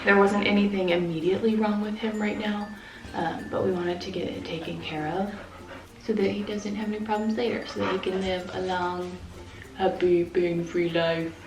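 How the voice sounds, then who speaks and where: A woman's voice: medium pitch, fairly even intonation, normal speed. A woman in her thirties chatting casually in a home vlog, talking about her dogs. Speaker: vlogger. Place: home, indoors and yard. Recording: echoey room with music bed.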